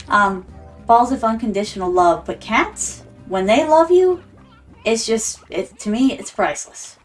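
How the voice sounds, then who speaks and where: A woman streamer chats casually and tells a story while playing a game, acting out the voices of the people in it. Her voice is fairly high, expressive, and measured in pace, and the slightly distant mic also picks up background music.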